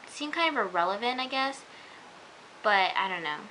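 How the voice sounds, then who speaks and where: A woman's voice: mid-range voice, lively intonation, moderate pace, sharp tone, rough recording. A young woman reviewing a TV episode in a casual, rambling chat full of fillers. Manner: chatty and rambling, many fillers. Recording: faint hiss.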